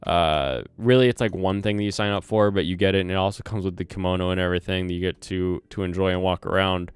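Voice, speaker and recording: A man with a slight Southern US twang hosts a casual livestream on his channel, speaking low, steady, fast and smooth into a close desk microphone with no echo. He rambles, corrects himself as he goes and reads chat aloud. Soft lo-fi music and keyboard typing sit in the background.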